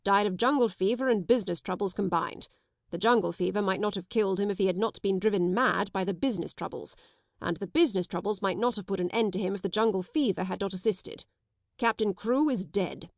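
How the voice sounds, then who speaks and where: A woman's voice: medium pitch, brisk, dry recording, close to an everyday voice. A woman reading an audiobook, voicing a dry, brusque middle-aged male solicitor with a clipped, disapproving manner.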